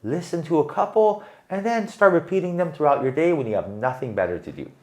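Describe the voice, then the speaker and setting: A man giving a tarot reading in an animated, emphatic way, often checking in with "right?". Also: a little high, brisk. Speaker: tarot reader.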